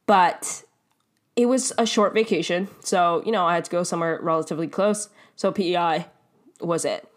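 A young Canadian woman with a slightly low voice hosts her own podcast, chatting freely about her life. She rambles off on asides, laughs as she goes and swears casually. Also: moderate pace. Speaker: podcast host. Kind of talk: casual solo podcast storytelling.

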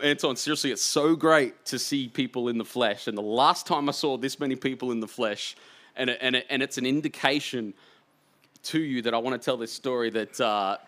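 Bright-voiced man, rambling storyteller. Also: mid-range voice, fairly even intonation, moderate pace. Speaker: author being interviewed. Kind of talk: live on-stage interview. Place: stage before a live audience.

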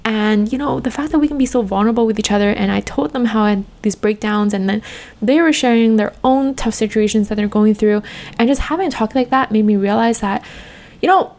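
Earnest young woman, fairly high voice. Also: a little fast, a little mellow. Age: young adult. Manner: heavy use of "like", earnest and open. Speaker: vlogger. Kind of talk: casual reflective monologue.

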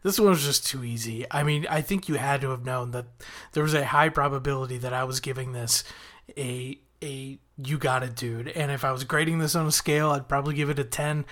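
A man's voice: mid-range voice, fairly even intonation, brisk, fairly bright tone. A man hosting a podcast, recapping a TV episode in an enthusiastic, rambling way with frequent chuckles. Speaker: podcast host reviewing a TV episode.

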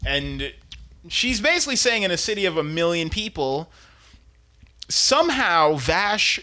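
A man's voice: on the high side, bright, forceful tone. A man recapping an episode in casual chat, swearing and laughing as he acts out the characters. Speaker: podcast co-host.

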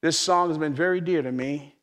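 A middle-aged male pastor preaching a sermon, swinging from hushed, soft passages to loud, impassioned ones and repeating phrases for emphasis. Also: fairly high pitch, a little fast, long reverb tail.

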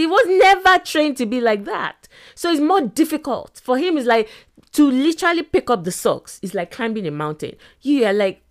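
A middle-aged woman with a slightly high voice hosts a self-help podcast. She talks in an animated way, acting out small quoted scenes and laughing as she goes. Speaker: podcast host.

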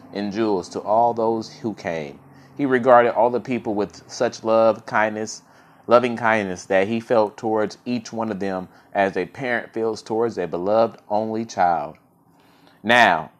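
Man, low voice, casual story reading, podcast host, self-correcting stumbles.

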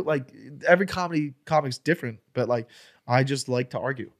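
A man's voice: mid-range voice, fast talker. A young adult man, a stand-up comedian, telling a story in casual chat with lots of swearing, acting out the quotes in a raised voice. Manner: profane, animated, acts out quotes in raised voice. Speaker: stand-up comedian, podcast guest.

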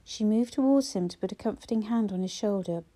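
A woman narrating an audiobook in steady storytelling, voicing each character. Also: mid-range voice, fairly quick. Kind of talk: scripted narration.

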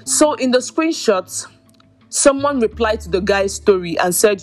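A woman's voice: mid-range voice, expressive, a little slow, faint music behind. Exasperated woman. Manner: exasperated, incredulous, addresses listeners directly. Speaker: podcast host. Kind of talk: commentary on social media drama.

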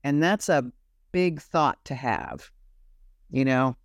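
A woman's voice: extremely low pitch, lively intonation, slow, dry recording, studio quality. Earnest woman telling faith stories. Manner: earnest, repeats herself while searching for words. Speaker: guest. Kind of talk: faith-centered personal storytelling.

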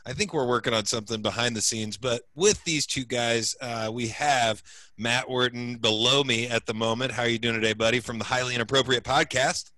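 A man hosting a casual podcast, easygoing and quick to laugh, often restarting his sentences. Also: medium pitch, steady tone, sharp tone, no echo. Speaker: podcast host.

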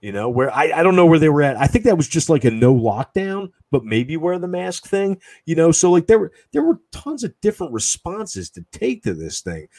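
Ranting, foul-mouthed man, husky voice. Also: fairly high pitch, sing-song, a little fast, few pauses, a little mellow, no room sound. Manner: profane, ranting, lots of fillers. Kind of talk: casual chat.

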